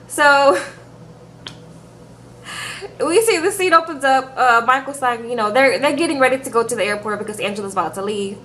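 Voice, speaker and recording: Her voice sits high with a sharp tone, at normal speed but with long pauses. She's a reality TV reviewer giving a sassy, chatty vlog recap and calling her viewers "girl" and "y'all." There's slight background noise.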